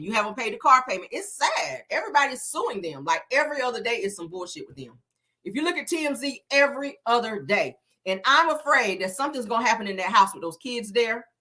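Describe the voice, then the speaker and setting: A woman's voice: a little high, bright, forceful tone. A woman, hosting a casual gossip commentary and talking bluntly and emphatically, swearing freely. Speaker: entertainment commentary host.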